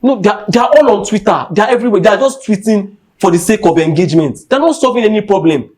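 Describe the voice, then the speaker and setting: A man's voice: sits high, expressive, fast, darkish tone. A young Nigerian man hosting a podcast, ranting with heat and emphasis, driving his points home by repeating them. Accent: Nigerian English. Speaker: podcast host. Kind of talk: impassioned rant.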